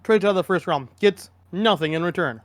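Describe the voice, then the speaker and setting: Podcast co-host, man, opinionated and rambling, slightly higher voice, dry recording. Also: brisk, no room sound. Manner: rambling, restarts often, opinionated. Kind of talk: casual sports chat.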